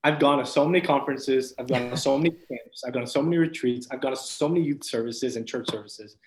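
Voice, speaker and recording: A man's voice: medium pitch, fast. Earnest man telling his faith story. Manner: earnest, reflective, with frequent restarts and soft laughs. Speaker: podcast guest. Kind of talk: personal faith testimony told as a story. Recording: roomy echo.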